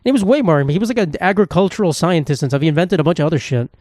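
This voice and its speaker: A man's voice: on the high side, animated, very fast, a little mellow, dry recording, clean studio sound. A man hosting a solo comedy podcast, rambling in a casual, sarcastic and profane way. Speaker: podcast host.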